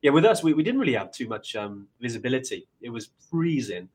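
A man in easygoing conversation, his voice at a middling pitch. He wanders through his thoughts with frequent restarts and fillers. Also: very animated, fast talker, darkish tone. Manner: rambling, with many restarts and fillers. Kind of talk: casual chat.

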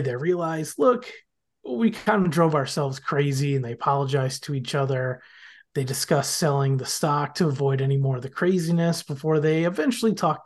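A man on a podcast, retelling the plot in a casual, animated way and often slipping into characters' lines. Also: fairly high pitch. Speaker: podcast guest. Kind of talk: casual podcast episode recap.

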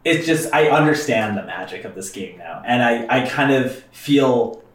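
A man's voice: medium pitch, animated, normal speed, echoey room, distant mic. A man hosting a let's play, chatting casually with rambling fillers and swearing. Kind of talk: casual gaming commentary.

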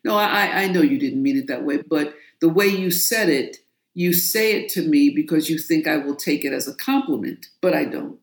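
A woman's voice: deep voice, normal speed. A woman from New York, an author and guest in an interview, telling her story in a forthright, emphatic way. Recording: roomy echo.

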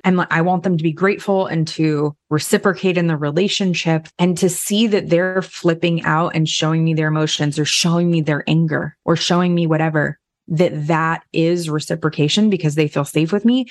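A woman's voice: low-pitched, fairly even intonation, moderate pace, no echo, studio quality. A woman hosting a podcast, giving frank, candid advice on addiction and parenting and swearing casually. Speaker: podcast host and addiction counselor.

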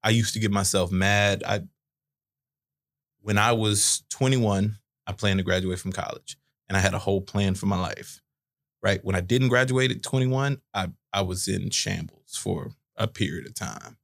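A man's voice: fairly low pitch, fairly even intonation, moderate pace, gravelly, a bit bright. A man in his thirties co-hosting a casual podcast, explaining his points with analogies. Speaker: podcast co-host. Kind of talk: casual chat.

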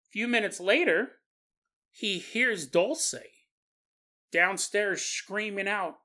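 A male podcast host telling a story in a relaxed, conversational style, often pausing for asides to the listener. His voice is bright and forward in tone, and he talks at an unhurried, slow pace. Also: high-pitched.

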